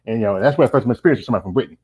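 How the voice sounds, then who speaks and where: Fast-talking rambling male host. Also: medium pitch, breathy edge, phone-quality sound. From North Carolina, USA. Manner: rambling, talkative, tells anecdotes. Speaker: interview host. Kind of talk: casual interview chat.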